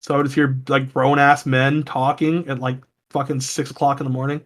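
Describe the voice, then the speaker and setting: A young man on a podcast, telling profane, animated stories and jumping high when he quotes people. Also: brisk. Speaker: podcast co-host. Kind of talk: casual storytelling chat.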